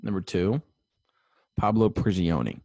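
A young man with a deep voice talks while still out of breath, his words carried on heavy breaths as he rambles with "um"s through a solo podcast. The recording is dry and close. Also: animated, unhurried, creaky, mellow, dry recording. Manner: rambling, filler-heavy, self-deprecating. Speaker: solo sports podcast host. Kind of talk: casual rambling sports podcast.

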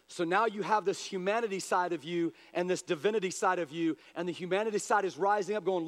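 A man preaching a sermon as pastor, swinging from hushed low asides to raised, pleading prayer voices. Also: fast talker, hardly any pauses, big-room sound.

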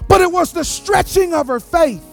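A man with a strikingly high voice delivers a sermon from the pulpit. He lilts into a sing-song preaching cadence, repeating and building his phrases. Faint music sits softly behind him. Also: animated, moderate pace. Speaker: pastor.

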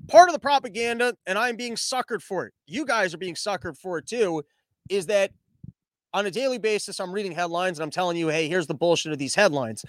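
Sarcastic high-voiced man riffing on news. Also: dry recording. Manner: sarcastic, profane, slips into mocking impressions. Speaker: podcast host. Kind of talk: casual commentary on news headlines.

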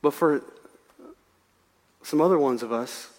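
A man delivers a sermon with lively, joking, conversational energy, his voice sitting a little high. Long reverb trails each phrase, as in a church hall. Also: a little slow. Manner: animated, conversational preaching with humor. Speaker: pastor.

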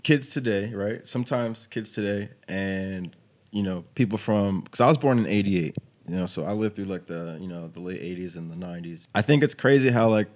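A man's voice: on the low side, normal speed, a little mellow. Late-twenties male podcast host, casual rambling storyteller. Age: 20s. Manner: loose storytelling, full of "like" and "you know what I'm saying". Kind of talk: casual chat.

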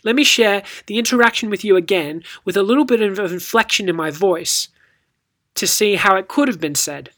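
A teacher delivers a scripted devotional talk at a medium pitch. The delivery is storytelling and rhetorical, and reads scripture passages with expressive inflection. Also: normal speed. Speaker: Bible teacher.

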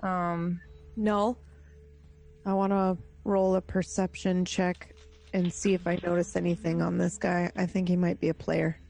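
A woman's voice: fairly low pitch, monotone, normal speed, gravelly, dark tone. Hesitant woman playing a tabletop game. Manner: hesitant, rambling, with many fillers and restarts. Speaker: player.

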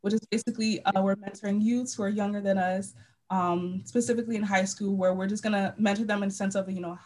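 A young woman from the United States, a podcast guest, talking earnestly in a halting way with lots of fillers. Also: mid-range voice, steady tone, a little mellow, rough recording. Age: young adult. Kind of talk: casual interview talk.

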